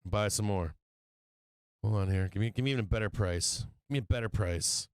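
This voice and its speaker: A man's voice: on the low side, fairly quick, darkish tone, clear, resonant tone, no echo. Man, trading stream host, casual profane venting, resonant voice, dry room.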